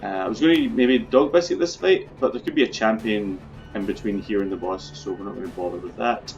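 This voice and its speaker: A man's voice: on the low side, a little fast, highs cut off, faint music behind. A man casually commenting on his own gameplay, chatty, swearing freely and talking through his plans. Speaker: video game let's player.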